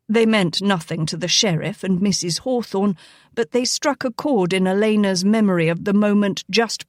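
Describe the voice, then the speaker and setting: A woman narrating a historical romance audiobook in a measured storytelling manner. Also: medium pitch, no echo, clean studio sound. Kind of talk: scripted narration.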